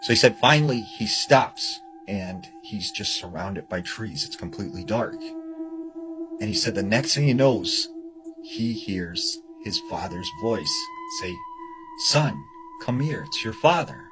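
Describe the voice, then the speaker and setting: Unhurried and sing-song, a man with a lowish voice loosely retells a scary story he heard, full of fillers such as "like" and "you know." A music bed sits under him, and the recording is rough.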